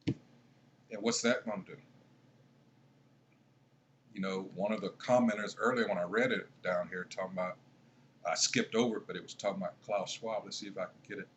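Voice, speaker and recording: A man's voice: deep voice, fairly even intonation, moderate pace, pauses often, a bit bright, a little hiss or hum. A man commenting casually on a video, rambling and trailing off as he searches for things.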